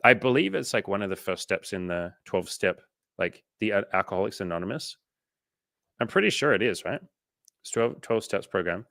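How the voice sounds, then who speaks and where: Low gravelly-voiced man, casual livestream chat. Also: moderate pace, no echo. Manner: swears casually, animated retelling with acted quotes. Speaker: livestream host and coach.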